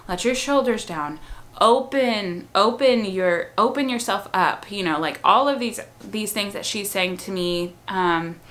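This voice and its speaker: Bright-voiced young woman telling a story. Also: medium pitch. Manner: chatty, frank, many fillers and restarts. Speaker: mother telling her birth story. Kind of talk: casual storytelling vlog.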